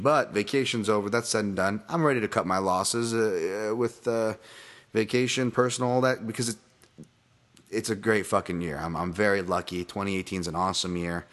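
A man's voice: low voice, fairly bright tone. Rambling, cussing male podcast host. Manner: rambling, profane, self-deprecating, laughs often; many fillers and restarts, tangents. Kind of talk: casual solo podcast monologue.

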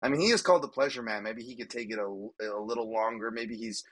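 A man's voice: on the low side, fast talker, fairly bright tone. A man hosting a podcast, chatting casually and rambling with jokes and frequent laughter. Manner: rambling, jokey, laughs often. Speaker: podcast host. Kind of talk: casual sports betting chat.

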